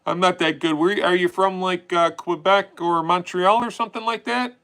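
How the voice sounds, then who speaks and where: A man's voice: sits high, fairly even intonation, moderate pace, creaky, pushed and bright, clear, resonant tone, low-quality recording. A young man hosting a casual live stream, chatty and swearing freely as he answers viewer questions. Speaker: livestream host.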